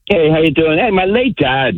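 A man's voice: a little high, very animated, normal speed, dry recording. A man calling in to a radio show, casually telling a family story. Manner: casual, anecdotal. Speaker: caller. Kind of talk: phone-in storytelling. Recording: tinny phone line.

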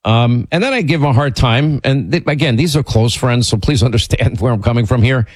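A man hosting a radio talk show, rambling and teasing in casual on-air banter, his voice jumping high when he gets exasperated. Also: a little fast, no echo.

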